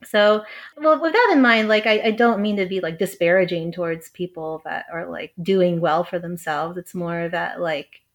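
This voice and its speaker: A woman's voice: lowish voice, normal speed. A young adult woman, a guest on a podcast, talking casually and hesitantly, full of fillers and laughs. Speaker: astrologer guest. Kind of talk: casual chat.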